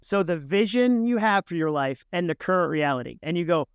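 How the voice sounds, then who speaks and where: A middle-aged man talks in a lively interview, often slipping into quick voiced asides. His voice is a little higher than most men's, and it sounds smooth and clear. The recording is close and dry. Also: no room sound. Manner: animated, illustrates points with voiced inner dialogue. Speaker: author and speaker, podcast guest. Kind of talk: conversational interview, storytelling with acted quotes.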